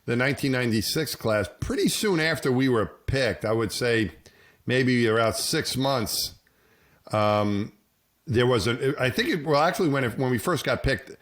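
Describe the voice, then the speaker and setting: A man's voice: medium pitch, normal speed. Rambling middle-aged storyteller man. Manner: rambling, many restarts, animated when quoting people. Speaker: podcast co-host, former astronaut. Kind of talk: casual storytelling chat.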